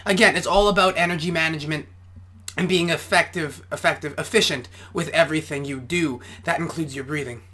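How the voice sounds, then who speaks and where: Bright-voiced man coaching boxing technique. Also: fairly high pitch, fairly quick. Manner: instructive, explains boxing technique step by step. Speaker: amateur boxer reacting to a video. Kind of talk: casual reaction commentary.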